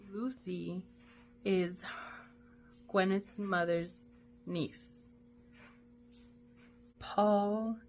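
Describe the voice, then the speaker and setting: A woman's voice: on the low side, darkish tone, a little hiss or hum. A woman hosting a book club, chatting casually and thinking aloud with enthusiasm.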